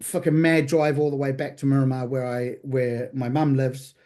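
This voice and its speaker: A man's voice: mid-range voice, level tone, normal speed, mellow. A man with a New Zealand accent, a chef guest on a podcast, telling candid, profane stories about his past. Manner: candid, profane, vivid anecdotal storytelling. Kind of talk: casual storytelling interview.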